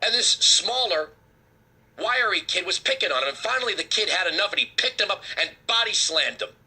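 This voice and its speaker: Heated, bright-voiced male political host. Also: high voice, lively intonation, brisk, slightly rough. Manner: heated, sarcastic, emphatic. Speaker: talk show host. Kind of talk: political commentary rant.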